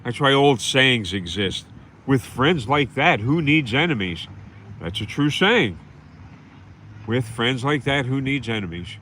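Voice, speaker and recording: A man's voice: medium pitch, expressive, measured pace, pushed and bright, a little hiss or hum. A man hosting a livestream, ranting bitterly and scornfully and repeating himself in a rambling monologue. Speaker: livestream host.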